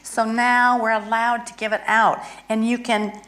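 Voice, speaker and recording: A woman's voice: a little high, flat delivery, a little slow, fairly bright tone, rough recording. A woman guest expert explaining and demonstrating a therapy toy, earnest and hands-on. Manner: earnest, demonstrates by acting out feelings. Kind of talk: instructional demonstration.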